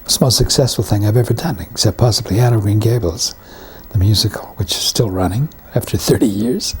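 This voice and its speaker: A man's voice: on the low side, brisk, breathy edge. A man, telling wry anecdotes about his career in an interview. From Canada. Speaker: veteran actor and writer being interviewed. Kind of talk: reminiscing interview.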